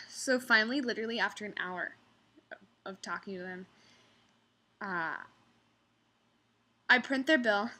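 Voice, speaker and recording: A woman's voice: fairly high pitch, moderate pace, long pauses, bright, forceful tone. A young woman who works as a restaurant server, ranting casually about customers and mimicking them in exaggerated voices. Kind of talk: casual storytelling vlog.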